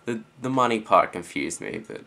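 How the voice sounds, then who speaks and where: A teenage boy with an Australian accent, rambling casually in a vlog reply with lots of fillers and quiet trailing-off phrases. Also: on the low side, huge pitch swings, moderate pace, vocal fry. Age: teens. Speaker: student vlogger.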